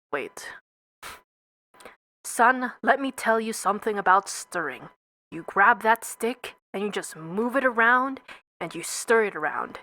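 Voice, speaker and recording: A woman's voice: fairly high pitch, bright, forceful tone, dry recording. A young woman giving a comedic reading of a whole film script, doing every part and the stage directions and stopping to comment on her own reading. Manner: reads all parts and stage directions, breaks off to comment and swear.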